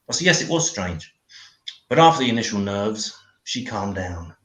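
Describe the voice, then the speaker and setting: A man doing a deadpan, crude stand-up routine on a comedy panel show. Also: lowish voice, normal speed. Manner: deadpan, crude one-liners. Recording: echoey room.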